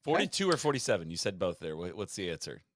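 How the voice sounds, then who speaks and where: A man co-hosting a casual golf podcast, chiming in with quick joking remarks. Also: low voice, very animated, a little hiss or hum. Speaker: podcast co-host.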